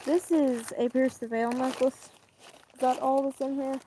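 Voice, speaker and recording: A young woman chatting casually as she unboxes items for her vlog, rambling and often trailing off quietly at the ends of her thoughts. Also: high-pitched, fairly even intonation, normal speed, slight background noise. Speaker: vlogger.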